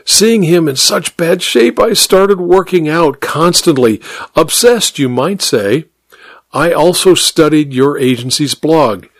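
A man narrating a first-person story audiobook in a measured, wry manner. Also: fairly high pitch, no room sound, studio quality.

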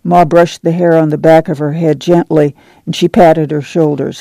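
A man narrating an audiobook in a measured, even storytelling manner. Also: a little high, gravelly, no echo.

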